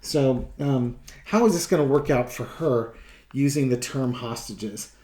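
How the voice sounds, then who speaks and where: A man's voice: medium pitch, unhurried, dark tone, echoey room. A man giving a casual tarot reading, talking in a rambling, sarcastic way with many restarts. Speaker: tarot reader.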